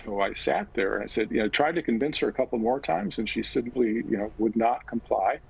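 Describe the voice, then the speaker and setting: A low, gravelly man with a husky edge talks slowly and reflectively as an interview guest, pausing often between thoughts. The recording sounds dull and lo-fi. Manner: halting and reflective, with frequent pauses. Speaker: guest author. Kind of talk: personal interview account.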